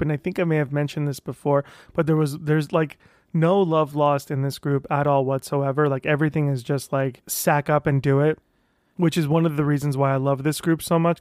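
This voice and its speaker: A man with a slightly high voice talks straight to the camera, animated and candid, often slipping into quick impressions of other people. The sound is close and dry, with no room around it. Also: dry recording. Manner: animated, self-talking, acts out quoted voices. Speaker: vlogger sharing weight-loss surgery journey. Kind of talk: casual monologue.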